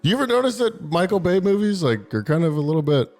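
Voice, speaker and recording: A man's voice: high-pitched, fast, soft background music. A man co-hosting a comedy podcast, retelling a movie with lots of swearing in casual chat. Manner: profane, storytelling, animated retelling. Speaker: podcast co-host.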